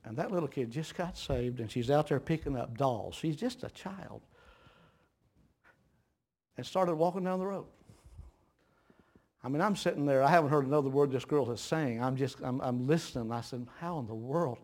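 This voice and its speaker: A middle-aged man preaching a sermon in a folksy storytelling way, dropping to a hush and then rising to a shout. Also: medium pitch, normal speed, pauses often.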